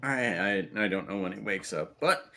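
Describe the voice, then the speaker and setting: A man's voice: low voice, expressive, normal speed, creaky, bright, forceful tone, soft background music. A man chatting casually as a podcast guest, rambling and jokey with lots of fillers.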